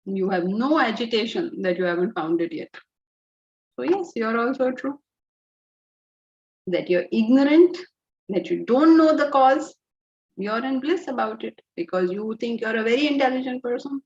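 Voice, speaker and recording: A woman with an Indian accent teaching a spiritual lecture, telling stories with lively energy and dropping into Hindi phrases. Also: fairly high pitch, moderate pace, pauses often. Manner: animated storytelling, slips into Hindi phrases. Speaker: Vedanta teacher. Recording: dull lo-fi audio.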